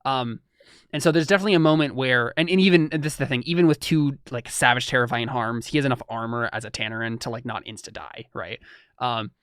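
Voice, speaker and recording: A man's voice: mid-range voice, fairly even intonation, fast, fairly bright tone, clean tone, dry recording, studio quality. A young man narrating as game master in a rambling way with many restarts. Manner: rambling, full of fillers and restarts.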